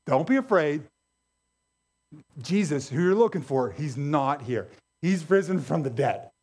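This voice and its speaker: A man voicing a friendly male angel who calmly and repeatedly tells frightened visitors not to be afraid, in casual slang. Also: fairly high pitch, measured pace, slightly rough, exaggerated voice. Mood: soothing. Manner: reassuring, repetitive, casual slang.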